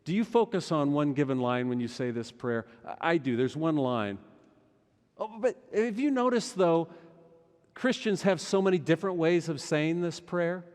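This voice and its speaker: A middle-aged male pastor preaching a sermon, swinging between loud urgency and hushed intensity. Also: fairly high pitch, animated, moderate pace. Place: large church sanctuary. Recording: long church hall reverb.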